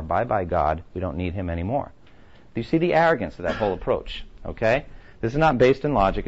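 A man's voice: on the low side, a little mellow. A man teaching a class who reads quotes aloud and keeps asking his listeners rhetorical questions. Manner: emphatic, with many rhetorical questions. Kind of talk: lecture with read-aloud quotes. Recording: muffled lo-fi recording.

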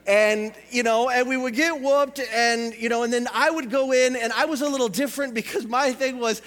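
Male pastor, high bright voice, animated storyteller, hall reverb. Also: moderate pace. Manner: animated, acts out voices in anecdotes, repeats words. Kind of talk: sermon with acted family stories.

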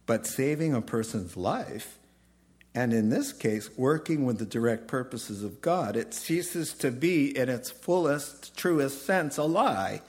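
A man preaching a sermon, telling stories with animated voices and laughter. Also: medium pitch, takes it slowly. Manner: animated storytelling, acting out characters with laughs. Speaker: pastor.

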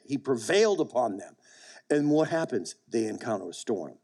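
This preacher's husky voice is very animated at a moderate pace as he delivers his sermon. His loud, forceful statements give way to hushed low asides, and he frequently prompts the congregation to answer, chuckling between points.

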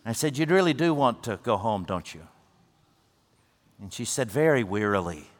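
A man preaching a sermon as a pastor, telling a story earnestly, rising to emphatic peaks and then dropping soft. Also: on the low side, very animated, moderate pace, long pauses. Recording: long hall reverb.

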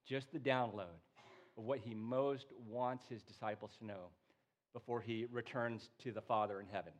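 Guy pastor giving a sermon, easygoing, cracks little jokes, slows down on the big points. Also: medium pitch. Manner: relaxed, joking asides, slows for emphasis.

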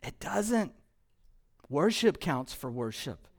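A man preaching a sermon as pastor, joking and playful, swinging between hushed and loud, emphatic delivery. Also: a little high, sing-song, takes it slowly, gravelly.

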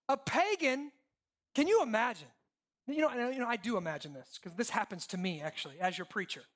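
A male pastor preaching a sermon in a conversational, animated way, asking the congregation questions and swinging between loud and hushed. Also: very high-pitched, fairly quick. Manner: conversational, asks the crowd questions.

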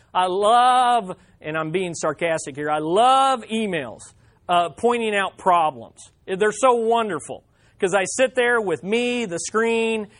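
A male preacher giving a conversational Bible teaching, often putting questions to his listeners. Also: high voice.

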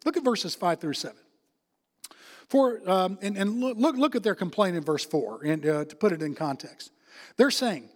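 Male pastor, high voice, emphatic sermon delivery, long reverb of a big hall. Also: lively intonation, normal speed. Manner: emphatic, repeats key phrases, drops to soft tones for comfort.

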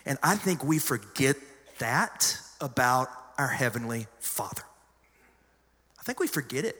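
A middle-aged pastor preaching a sermon, telling stories conversationally with sudden loud emphasis. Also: male voice, mid-range voice, lively intonation, a little slow. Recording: long hall reverb.

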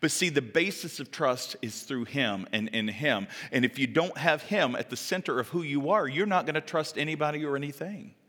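A man preaching a Sunday sermon, bringing his stories to life as he acts out the people in them. His voice is bright and sharp, pitched a bit high. The sound rings out with the long reverb of a church sanctuary. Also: normal speed, few pauses. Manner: animated storytelling, acting out quoted voices. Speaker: pastor.

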